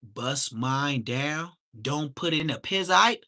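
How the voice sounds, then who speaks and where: A man from Southern California hosts a livestream, chatting loosely in heavy slang. His voice is bright and animated, with lively swings in pitch as he riffs to his chat. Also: takes it slowly. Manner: animated, slangy, laughs a lot. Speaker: livestream host. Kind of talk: casual livestream reaction chat.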